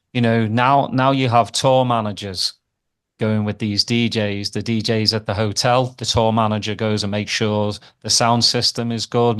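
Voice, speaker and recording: A male podcast host with a smooth, resonant voice chats casually with his guest. He muses in a relaxed, reflective way, padding his thoughts with plenty of fillers. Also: fairly low pitch. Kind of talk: casual interview chat.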